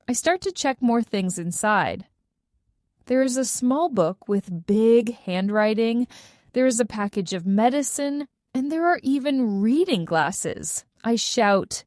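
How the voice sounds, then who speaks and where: Woman narrator for learner stories: slow, lively intonation, clear delivery. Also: medium pitch, no room sound, studio quality. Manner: clear, carefully paced, expressive. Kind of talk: slow scripted storybook narration.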